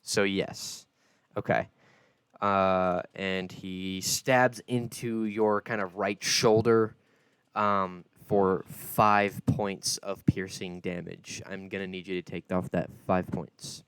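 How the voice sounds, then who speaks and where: A man's voice: sits low, flat delivery, slow, fairly bright tone, smooth, no echo. A man narrating a tabletop game as game master, laid-back and descriptive, on a close podcast mic.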